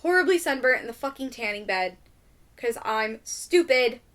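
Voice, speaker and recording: A woman's voice: fairly high pitch, expressive, normal speed, a bit bright. A young adult woman hosting a podcast in casual chat, ranting animatedly and swearing a lot. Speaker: podcast host.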